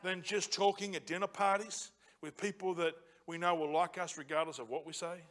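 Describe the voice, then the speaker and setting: Bright high-voiced passionate pastor. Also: male voice, steady tone, fairly quick. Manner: passionate, rising to loud emphatic repetition. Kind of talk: sermon. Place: church auditorium.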